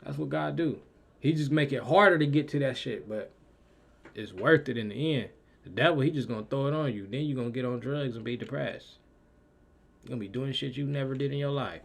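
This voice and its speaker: A young man hosts a reaction video with a gravelly, rough-edged voice. He talks in thick slang, stresses his points hard, and keeps wandering into preachy asides. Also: medium pitch, a little fast. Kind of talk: casual reaction commentary.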